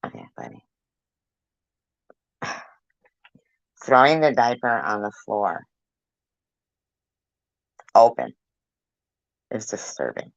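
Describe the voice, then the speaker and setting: A woman's voice: extremely low pitch, sing-song, slow, long pauses, no room sound, lo-fi sound. A woman giving angry reaction commentary on a clip, scolding and cursing with blunt insults.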